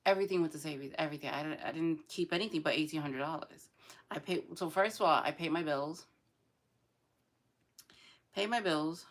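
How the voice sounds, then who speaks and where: A young adult woman chatting casually in a rambling, emotional vlog, sometimes laughing through tears. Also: sits low. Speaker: vlogger. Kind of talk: casual chat.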